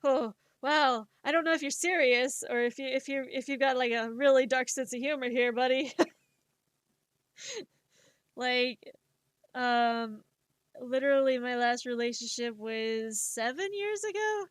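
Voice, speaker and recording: A woman's voice: sits high, a little slow, dry recording. A woman streamer chatting casually while drawing, rambling and candid, with stammered restarts. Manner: self-mocking, animated when acting out inner dialogue.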